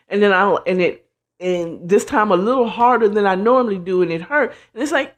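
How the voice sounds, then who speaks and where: A woman hosting a casual advice talk, animated and blunt, acting out quoted voices and sprinkling in "child" and "you know what I'm saying.". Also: mid-range voice, fairly quick, highs cut off. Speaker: host.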